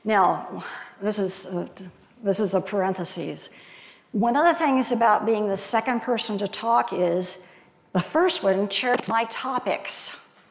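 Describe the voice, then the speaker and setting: A woman's voice: mid-range voice, measured pace, creaky. A woman giving a reflective sermon, asking one rhetorical question after another. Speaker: lay preacher. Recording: long hall reverb.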